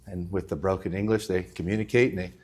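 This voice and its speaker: A man hosting a casual chat, an animated storyteller who laughs often. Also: sits low, quick pace. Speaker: podcast host. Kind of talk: casual chat with joke telling.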